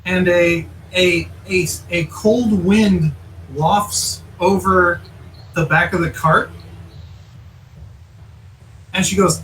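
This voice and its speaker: A man's voice: high-pitched, steady tone, drawn-out words, long pauses, fairly bright tone. A man narrating as game master for a tabletop game, often restarting his phrases. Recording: echoey room, mic far off, faint noise.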